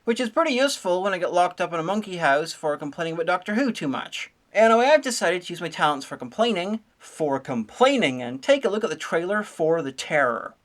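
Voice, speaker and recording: A woman giving a sarcastic, nitpicking comedic review, full of deadpan asides. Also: on the low side, a little fast, few pauses. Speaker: video reviewer.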